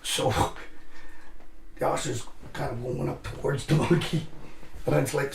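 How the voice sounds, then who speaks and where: Gravelly, profane man telling a war story. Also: on the high side, normal speed, pauses often, roomy sound, slight background noise. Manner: swears constantly, acts out quoted voices. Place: live show room.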